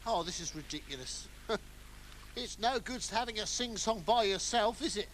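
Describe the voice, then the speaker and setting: A performer voicing a hapless, excitable castaway lost at sea in a children's puppet comedy, swinging between calm and wailing panic. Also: medium pitch, normal speed, slight background noise, close to an everyday voice. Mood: comic panic.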